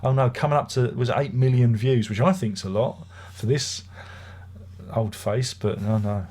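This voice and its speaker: A man's voice: medium pitch, moderate pace, a little mellow. A middle-aged man with a chesty, unwell voice, chatting wryly and grumbling through a casual music review. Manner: chatty, wry, grumbling anecdotes. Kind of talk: casual rambling review monologue.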